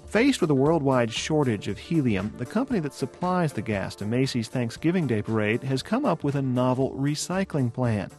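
A man filing a scripted radio news report in an even, steady delivery. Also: medium pitch, moderate pace, hardly any pauses, faint music behind.

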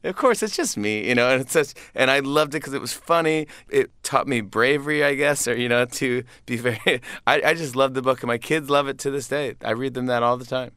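A man's voice: medium pitch, a little fast, few pauses, a bit bright, no echo, studio quality. Cheerful rambling man in an interview. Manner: rambling, upbeat, many restarts and laughs. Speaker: comedian guest. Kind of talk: casual interview chat.

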